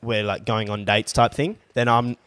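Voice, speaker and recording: Blunt young man, low voice. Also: steady tone, moderate pace, fairly bright tone, clear, resonant tone, no echo. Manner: blunt, swears freely, emphatic. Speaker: podcast co-host. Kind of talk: casual chat.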